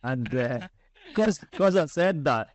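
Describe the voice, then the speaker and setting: A man's voice: mid-range voice, expressive, slow pace, no echo. Scottish guy, broad accent, chatty podcast guest telling a story, dry close sound. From Scotland. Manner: chatty, laughs while telling stories. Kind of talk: casual storytelling.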